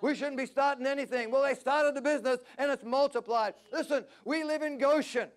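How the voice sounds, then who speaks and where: A man preaching a passionate sermon at a church service, climbing to near-shouts. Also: extremely high pitch, fairly quick. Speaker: pastor.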